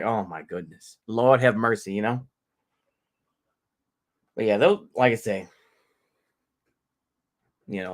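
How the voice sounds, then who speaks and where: A middle-aged man from North Texas talks on his own livestream in a loose, rambling way. He cusses freely and keeps repeating himself between asides. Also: mid-range voice. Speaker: livestream host. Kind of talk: casual livestream rant.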